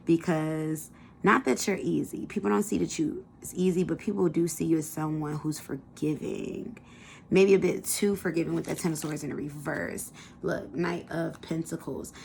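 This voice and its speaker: A woman's voice: sits low, fairly even intonation, moderate pace, vocal fry, darkish tone, a little hiss or hum. A woman giving a casual pick-a-card tarot reading, chatty and colloquial, talking straight to her viewers. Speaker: tarot reader.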